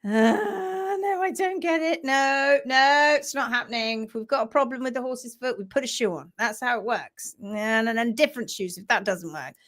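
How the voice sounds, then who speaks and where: A woman putting on the voice of a stubborn male vet who flatly dismisses new ideas, repeating no. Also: fairly high pitch, moderate pace, hardly any pauses, close to an everyday voice. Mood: dismissive. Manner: flat refusing, repeating no.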